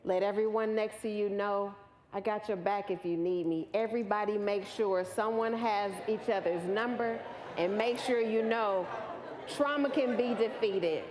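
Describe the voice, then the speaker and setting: A woman's voice: medium pitch, moderate pace, darkish tone, big-room sound, a faint crowd. A woman grief counselor speaking earnestly to a live audience, telling her own story. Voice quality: earnest, storytelling, acts out quotes. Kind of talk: personal talk at a live event.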